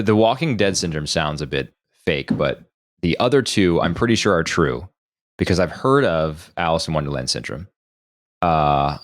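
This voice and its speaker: A man's voice: deep voice, no echo. A man co-hosting a podcast, thinking aloud and reasoning through his guesses in casual chat. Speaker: podcast co-host.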